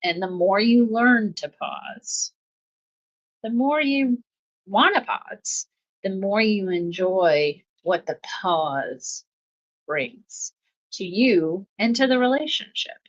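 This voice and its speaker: A woman hosting a self-help podcast, talking calmly about pausing before reacting, with steady, repeating coaching phrases and soft laughs. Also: mid-range voice, highs cut off. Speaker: podcast host. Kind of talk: reflective self-help talk.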